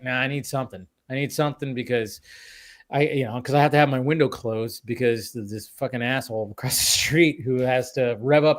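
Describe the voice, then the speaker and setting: A man hosting a podcast, chatting casually in a rambling, animated way and swearing freely. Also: medium pitch. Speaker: podcast host. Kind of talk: casual chat.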